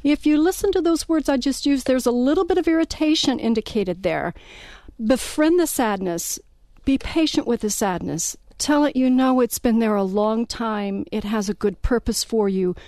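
A woman therapist on a call-in radio show, speaking in a calm, measured, gently instructive way. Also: fairly high pitch, no echo. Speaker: guest therapist.

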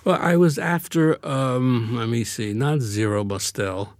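A man's voice: mid-range voice, measured pace, dry recording. An older man from Brooklyn talks in an interview, wry and reflective, with laughs slipping in. His voice sits mid-range and the recording is dry and close. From Brooklyn, New York. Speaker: interview guest, author. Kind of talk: conversational interview.

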